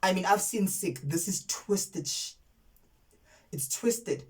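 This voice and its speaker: A woman's voice: fairly low pitch, takes it slowly, far from the mic, poor audio. A woman from South Africa giving a casual, emphatic spoken review of a TV series, often repeating words for effect. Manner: outraged and candid. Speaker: TV series reviewer, content creator.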